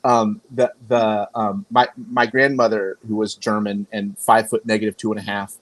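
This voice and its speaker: A man appears as a podcast guest in casual conversation, rambling through stories and correcting himself as he restarts sentences. His voice is on the low side and a bit bright, delivered flatly at a normal speed. The recording is rough.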